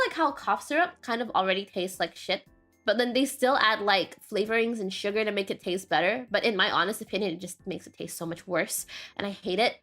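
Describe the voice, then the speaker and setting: A woman's voice: mid-range voice, fairly bright tone. A woman streamer chatting casually and rambling, often saying "question mark" and laughing.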